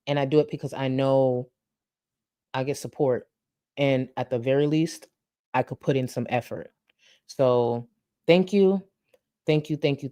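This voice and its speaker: A woman's voice: sits low, dark tone, no echo. A woman commentary host thanking her viewers in a loose, rambling way, saying she is tired. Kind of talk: casual sign-off talk to viewers.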